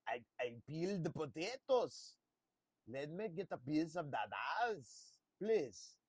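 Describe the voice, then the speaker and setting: A man putting on the voice of a timid, nerdy young man who talks in a prim, excitable way. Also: fairly high pitch, husky, no echo, heavily acted. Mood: prim flustered. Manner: prissy, excitable, drawn-out "lovely".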